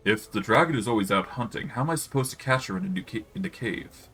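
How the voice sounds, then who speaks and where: A man's voice: mid-range voice, animated, quick pace, a bit bright, soft background music, close to an everyday voice. A man voicing a skeptical hero character in a video game, asking blunt questions dryly.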